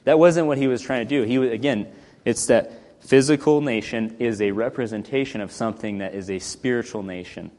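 A man leading a Bible study, reading scripture aloud and then explaining it in casual, conversational talk, often clearing his throat. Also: medium pitch, a little fast, darkish tone, long reverb tail. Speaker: Bible teacher.

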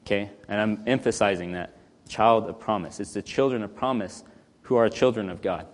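A man leading a Bible study, reading scripture aloud and then explaining it in casual, conversational talk, often clearing his throat. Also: on the low side, brisk, big-room sound. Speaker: Bible teacher.

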